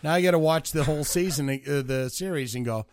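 A man's voice: a little high, fairly quick, no echo, studio quality. A man co-hosting a podcast, teasing and joking in casual chat. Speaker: podcast co-host.

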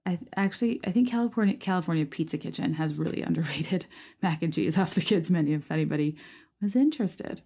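A woman in her thirties chatting casually as a podcast host, rambling with lots of fillers, restarts and "like", with a touch of vocal fry. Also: low voice, quick pace, warm tone. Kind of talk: casual chat, reacting to listener prompts.

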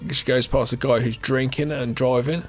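A middle-aged man co-hosting a casual film podcast, animated and quick to swear. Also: mid-range voice, soft background music. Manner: animated, swears freely, jumps into impressions of characters. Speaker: podcast co-host.

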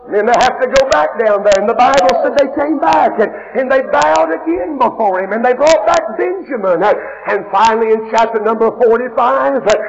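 A man preaching a sermon, retelling a story with impassioned shouts and quiet, hushed passages. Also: very high-pitched, moderate pace, creaky, few pauses. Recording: muffled lo-fi recording with faint hiss.

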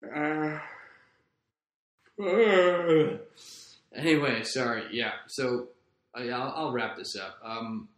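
A podcast host rambles through a laid-back solo monologue, swearing freely, his medium-pitched voice pushed and bright at a normal speed. The recording carries a roomy echo.

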